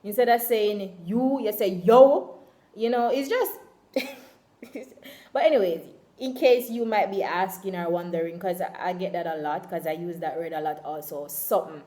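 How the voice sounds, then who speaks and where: A woman's voice: on the low side, normal speed, warm tone, echoey room. A young Jamaican woman talking casually to her viewers in a vlog, chatty and full of fillers. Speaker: vlogger.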